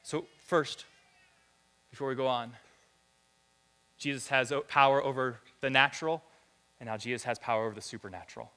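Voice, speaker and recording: A man's voice: medium pitch, steady tone, normal speed, long pauses, bright, forceful tone. A man preaching a sermon in a church, reading scripture and building to fervent repeated phrases. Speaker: pastor. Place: church hall.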